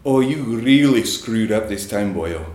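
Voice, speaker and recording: A man doing a put-on Scottish accent, voicing a deadpan, cursing male security guard. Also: lowish voice, measured pace, very echoey. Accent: Scottish, attempted.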